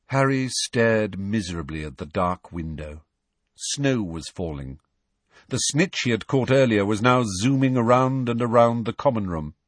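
A man giving an expressive audiobook narration of a story. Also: lowish voice, unhurried, no echo. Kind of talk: scripted narration.

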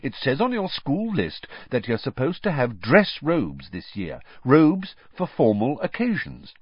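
A brisk, fussing mother witch who scolds in a high, bossy voice, as a male reader puts her on. The tone is husky and swoops widely. It sounds dull and dry, with no room around it. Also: wildly swooping pitch, dry recording, full character voice. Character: fussy, brisk middle-aged mother witch. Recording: dull, dry, slightly lo-fi recording.

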